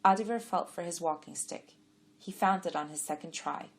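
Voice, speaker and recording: A woman narrating a short story in a calm, measured storytelling voice. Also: lowish voice. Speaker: audiobook narrator. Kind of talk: scripted narration.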